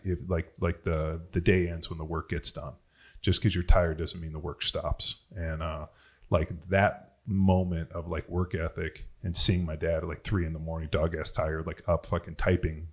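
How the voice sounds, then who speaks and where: A man with a very low, deep voice hosts a podcast and tells personal stories in a relaxed, rambling way. His talk is loose and profane, full of "like" and "you know". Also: husky. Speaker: podcast host. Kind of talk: casual podcast conversation.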